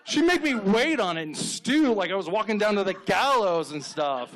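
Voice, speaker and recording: A man in his thirties performs a stand-up set on a club stage, his voice sitting a bit high for a man. He tells deadpan stories into a handheld mic and slips into quick acted-out quotes. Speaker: stand-up comedian.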